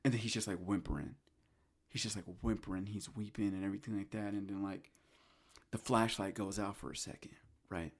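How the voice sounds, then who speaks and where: A man hosting a solo podcast, telling horror film scenes in an animated, profane way, swinging from hushed storytelling to loud incredulous rants. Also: lowish voice, brisk. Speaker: podcast host. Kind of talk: casual solo talk about horror films.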